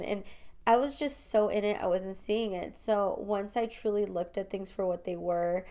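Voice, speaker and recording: A woman's voice: medium pitch, fairly even intonation, unhurried, warm tone, clear, resonant tone. A woman with school-age children hosts a personal spiritual podcast, talking reflectively and confessionally, full of "you know" and "like", and calling her listeners "you guys". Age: adult mother of school-age children. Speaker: podcast host.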